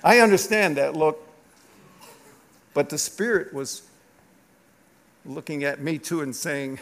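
A middle-aged man, a pastor, preaching a sermon through an animated, confessional personal story. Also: fairly high pitch, slow pace, long pauses.

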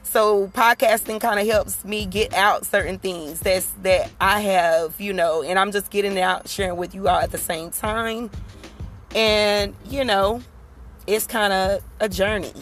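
A woman's voice: medium pitch, fairly even intonation, a little slow, soft background music. Chatty woman hosting a solo podcast. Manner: conversational, rhetorical asides like "you understand?". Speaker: podcast host. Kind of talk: casual solo podcast monologue.

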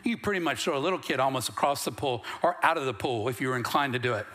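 A man's voice: medium pitch, lively intonation, fast, bright, forceful tone. A middle-aged man preaching a sermon as pastor, moving between plain, conversational storytelling and rising bursts of emphasis. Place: church sanctuary.

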